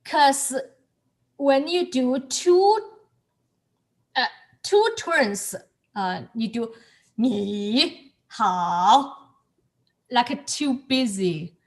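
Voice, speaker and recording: A woman with as her teaches tones over a video call. She speaks slowly and a little high, stopping and repeating words as she goes. She laughs often between explanations. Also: animated. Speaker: Mandarin tone teacher. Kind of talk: online class instruction.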